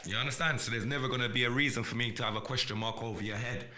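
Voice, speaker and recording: Defiant, profane man with a sharp voice. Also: medium pitch, rapid-fire, a little hiss or hum. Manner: profane, defiant, repetitive and threatening. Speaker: live podcast host. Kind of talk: confrontational livestream rant.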